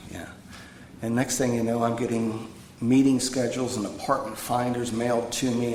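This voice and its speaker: A man's voice: fairly low pitch, gravelly. A man giving a personal recovery talk to a live audience, earnest, repeating phrases for emphasis. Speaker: recovery speaker. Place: retreat meeting room. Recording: echoey room, faint background hum.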